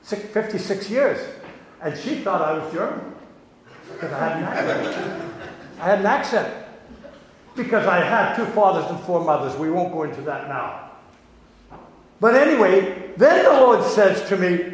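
A man's voice: sits high, expressive, a little slow, long pauses, slight background noise. Chuckling older man preaching in an echoey hall. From Canada. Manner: chuckling, storytelling, self-deprecating. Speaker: missionary preacher. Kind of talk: sermon testimony. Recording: echoey hall with long reverb.

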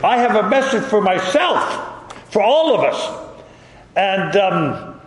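Slow, lively-pitched preacher in an echoing hall. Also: male voice, a little hiss or hum. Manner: emphatic, repeats rhetorical questions. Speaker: pastor. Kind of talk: sermon. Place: church sanctuary. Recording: echoey hall with long reverb.

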